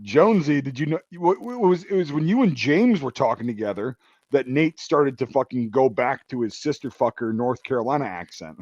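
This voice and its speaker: A man hosting a casual stream chat, crude and rambling, with loud bursts of laughter. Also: mid-range voice, animated, fairly quick, no echo. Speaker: stream host. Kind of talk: casual banter. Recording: dull, dry lo-fi mic.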